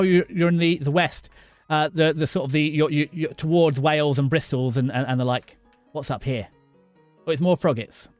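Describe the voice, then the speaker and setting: A man's voice: on the high side, no room sound. A middle-aged man chatting casually with his viewers while playing a game. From southern England. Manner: chatty, talks to chat by name, halting restarts. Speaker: streamer. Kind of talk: casual live-stream chat over gameplay.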